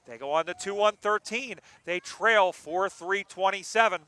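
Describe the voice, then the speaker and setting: A man calling an amateur football game live, joking between plays and getting excited on big moments. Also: high-pitched, moderate pace, hardly any pauses, smooth. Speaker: play-by-play commentator. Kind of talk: live sports commentary.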